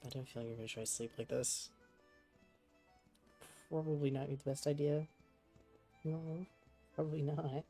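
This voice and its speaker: Mellow-voiced streamer cooing to a cat. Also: medium pitch, fairly even intonation, normal speed, long pauses, faint music behind. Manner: doting, chatty talk to a pet. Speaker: game streamer. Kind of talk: casual stream chat. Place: home desk. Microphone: desk microphone with webcam.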